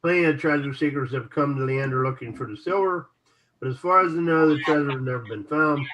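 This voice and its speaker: A man's voice: a little high, fairly quick, a crowd in the background. A man co-hosting an internet radio show, reading articles aloud and sometimes stumbling over words. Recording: dull lo-fi audio with steady noise.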